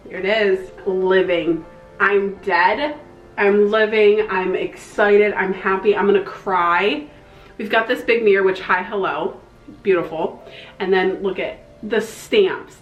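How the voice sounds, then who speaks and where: A young woman with a twang, gushing excitedly as she reviews a makeup palette in a casual vlog. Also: mid-range voice, slow pace, long pauses, echoey room, faint music behind, poor audio. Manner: gushing, excitable, slangy, with breathy exclamations. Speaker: beauty vlogger.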